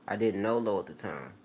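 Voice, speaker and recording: A man with a very low voice hosts his own video channel and chats straight to his viewers. He rambles loosely through stories, full of slang and restarts. A faint hiss of noise sits under the recording. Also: gravelly. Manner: laid-back, rambling storytelling with slang. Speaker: YouTube channel host. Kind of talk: casual talk to viewers.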